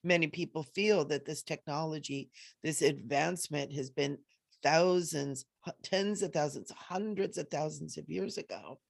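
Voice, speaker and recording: A woman channeling a benevolent male archangel who offers help and blessings, speaking slowly and soothingly. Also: sits low, creaky, no echo, studio quality. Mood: solemn. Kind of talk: spiritual channeling.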